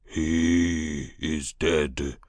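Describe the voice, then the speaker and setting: A man voicing a hairy grey beast-man in an audiobook, who speaks in slow, grave pronouncements. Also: a bass voice, steady tone, darkish tone, no echo, exaggerated voice. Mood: solemn.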